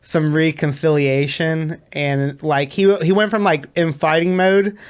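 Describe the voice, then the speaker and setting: A man, a DJ, telling a story in a casual, animated way and laughing often. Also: on the high side, unhurried, clear, resonant tone. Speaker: DJ guest.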